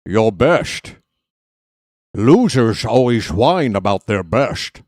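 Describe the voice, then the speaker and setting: A man putting on an impression of a gruff, suave older Scottish film star, with a smug, taunting delivery. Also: on the low side, very animated, drawn-out words, darkish tone, no echo, clean studio sound, heavily acted. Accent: Scottish, put on. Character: gruff suave older Scottish male movie tough guy.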